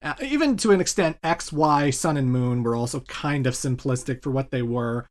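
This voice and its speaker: A man in his thirties, co-host of a casual podcast. He rambles through his points with eager, boyish enthusiasm, and his voice sits at an ordinary middle pitch. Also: lively intonation, moderate pace. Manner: enthusiastic, rambling gamer talk. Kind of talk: casual chat.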